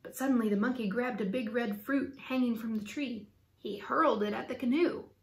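Expressive woman reading a children's book. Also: a little high, normal speed, gravelly, a little hiss or hum. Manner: lively, expressive storytelling. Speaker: teacher reading aloud. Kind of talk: children's book read-aloud. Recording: roomy echo.

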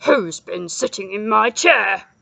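Big gruff papa bear growling, slow and loud, woman putting it on. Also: medium pitch, expressive, dry recording, full character voice.

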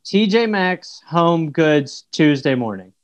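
A man hosting a casual podcast, teasing his guest with deadpan jokes. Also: a little high, slow pace. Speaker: podcast host.

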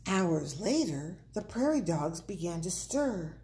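A woman reading a children's picture book aloud, slow and playful with the words. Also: on the low side. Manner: slow, expressive, playful wordplay. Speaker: storyteller.

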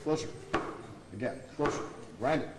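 A man's voice: a little high, moderate pace. A man teaching a martial arts seminar, coaching students while demonstrating technique. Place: training hall at a seminar. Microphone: camera mic from a distance. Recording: echoey hall from far off, noisy.

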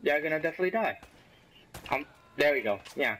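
An excitable man gives casual commentary over a game he is playing. His slightly high voice leaps all over the place as he trash-talks the enemies. Faint game ambience sits behind him. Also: brisk, a little hiss or hum. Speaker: gaming commentator.

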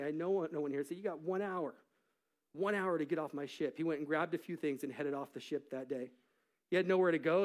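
A middle-aged male pastor delivering a sermon in a church, telling a story and building to emphatic peaks. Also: a little high. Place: church sanctuary.

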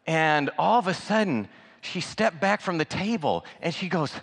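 A man giving a sermon as a guest speaker, telling a story and acting out the dialogue in an animated way. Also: a little high, normal speed, gravelly. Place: church sanctuary. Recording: long church hall reverb.

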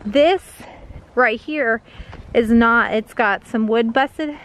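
This slow-talking woman, whose voice runs on the high side, has a Southern US accent and is making a casual vlog as she walks her farm. She's chatty and winded from walking, shouting out for the animals. The audio quality is poor.

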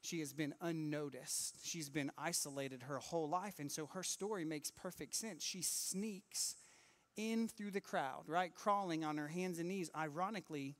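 A man preaching a sermon in church, lively and acting out the people in his stories. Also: on the high side, normal speed. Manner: animated, acts out quoted voices. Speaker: pastor.

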